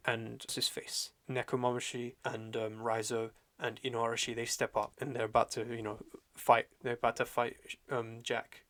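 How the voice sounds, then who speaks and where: A young adult man hosting a podcast, recapping in a slangy, animated way with lots of fillers and restarts. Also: medium pitch, normal speed. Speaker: podcast host reviewing a manga chapter. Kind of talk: casual chat.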